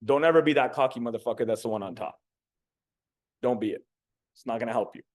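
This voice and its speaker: Speaking fast with a medium-pitched voice, this young communication coach delivers a relaxed motivational talk. He curses liberally and brings his stories to life by performing the quotes.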